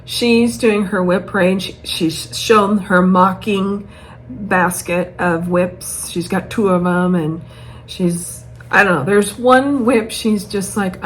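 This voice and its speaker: Rambling, self-mocking woman vlogger, low-pitched, faint noise in the background. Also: slow pace, low-quality recording. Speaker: cross-stitch vlogger. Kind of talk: casual chat.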